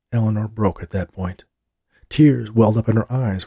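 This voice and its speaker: A man reading a novel aloud as an audiobook narrator, in a steady, measured way. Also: lowish voice, slightly rough, no echo, studio quality. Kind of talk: scripted narration.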